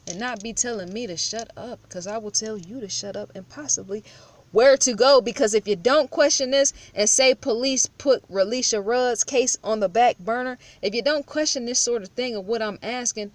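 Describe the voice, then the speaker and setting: A woman's voice: fairly high pitch, dry recording. A woman giving firm, blunt true-crime vlog commentary, full of rhetorical questions and repetition. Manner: rhetorical questions, repeats herself.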